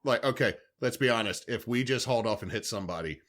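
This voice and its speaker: A man, telling animated stories on a podcast, swearing freely. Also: mid-range voice, quick pace. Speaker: podcast co-host. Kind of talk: casual storytelling chat.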